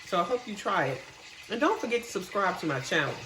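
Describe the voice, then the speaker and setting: A woman's voice: mid-range voice, sing-song, quick pace, echoey room, background noise. A woman hosting a cooking video, casually showing and tasting her home-cooked food. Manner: homey, churchgoing, tastes food on camera with mouth full. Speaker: cooking channel host.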